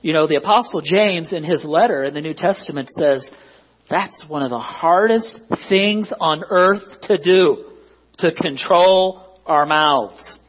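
A man's voice: on the high side, unhurried, slightly rough, lo-fi sound. A man preaching a conversational sermon as pastor, often asking the congregation to agree. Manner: conversational, self-deprecating, asks the congregation for agreement. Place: church.

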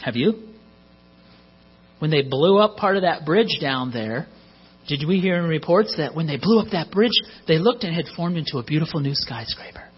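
Middle-aged male preacher, chatty sermon with asides, fairly high, breathy voice, muffled lo-fi take with hum. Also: animated, normal speed. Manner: conversational, joking asides. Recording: muffled lo-fi recording with mains hum.

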